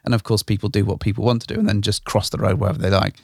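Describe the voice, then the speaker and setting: A man's voice: on the low side, fairly even intonation, racing, vocal fry, darkish tone, no room sound, studio quality. A man co-hosting a podcast, telling a story in a rambling, casual way and hedging with "sort of". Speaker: podcast co-host. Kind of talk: casual chat.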